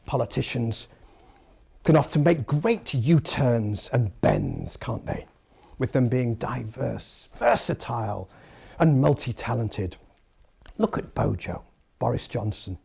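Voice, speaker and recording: Gravelly-voiced man giving an after-dinner speech. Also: medium pitch, wildly swooping pitch, darkish tone. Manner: measured, pun-laden delivery.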